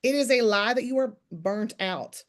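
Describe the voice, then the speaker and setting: Woman in her thirties, business coach, motivational group call, emphatic and teasing, rather high voice. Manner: fast, emphatic, preachy pep talk with teasing.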